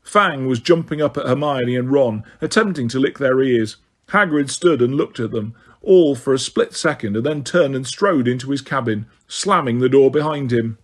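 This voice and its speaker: A man's voice: mid-range voice, moderate pace. Man reading an audiobook. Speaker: audiobook reader. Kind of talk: audiobook narration.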